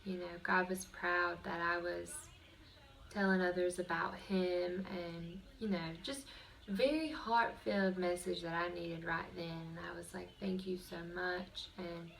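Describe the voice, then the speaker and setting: A woman's voice: lowish voice, fairly even intonation, unhurried, creaky, fairly bright tone. A young woman vlogging from her bedroom, chatting casually to the camera with lots of fillers. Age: young adult. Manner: chatty, rambling, with many fillers.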